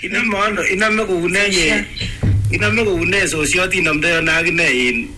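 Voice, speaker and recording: A man in casual conversation who speaks haltingly, often restarting his sentences mid-thought. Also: sits high, steady tone, over music, low-quality recording. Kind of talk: casual chat.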